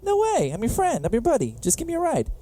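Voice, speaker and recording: A man voicing a sly, smooth-talking snake from a spoken fable, wheedling to be given a ride. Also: wildly swooping pitch, quick pace, mellow, exaggerated voice. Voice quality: high, wheedling.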